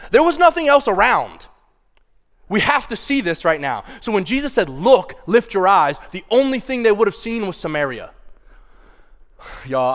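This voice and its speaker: Impassioned preaching man, slightly high voice. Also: a bit bright. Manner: impassioned, conversational preaching with casual asides. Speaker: pastor. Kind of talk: sermon. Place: church sanctuary. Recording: long reverb of a large hall.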